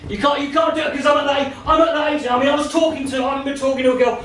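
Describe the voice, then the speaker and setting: A stand-up comedian in his thirties, swearing freely and shouting out punchlines. His voice sits very high for a man. The recording has a roomy live-venue sound, with the voice a little distant from the mic. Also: fairly even intonation, racing, a little hiss or hum. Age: 30s. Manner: brash, profane, bursts into shouting. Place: comedy venue in front of a laughing audience.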